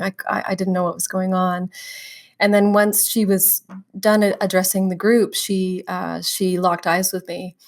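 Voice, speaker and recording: A woman from Canada, a stage actress, telling stories as an interview guest and now and then acting out the people she quotes. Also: on the low side. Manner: animated, breaks into quoted voices and laughter. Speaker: guest, musical theatre actress. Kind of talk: interview storytelling.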